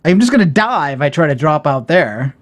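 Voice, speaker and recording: A man's voice: on the high side, sing-song, fairly quick. A man hosting a let's play, thinking aloud with wry, self-deprecating commentary as he plays. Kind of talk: casual gameplay commentary.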